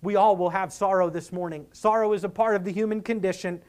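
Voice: medium pitch, steady tone, fast talker, darkish tone. A preacher giving an expository sermon, earnest and emphatic, reasoning with the listeners and acting out quoted speakers.

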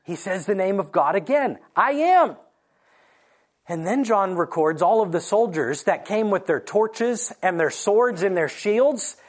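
A preacher delivering a morning sermon, telling scripture stories with lively acted-out quotes and slowing down to stress key points. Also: medium pitch. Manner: animated storytelling, acting out quoted lines. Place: church morning service.

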